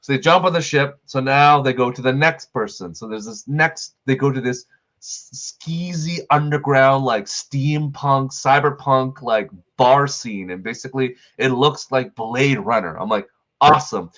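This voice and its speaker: A man's voice: mid-range voice, a little slow, fairly bright tone. A man hosting a review show, rambling through a casual film recap full of "like" fillers. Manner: rambling, filler-heavy retelling with lots of "like". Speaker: movie review show host.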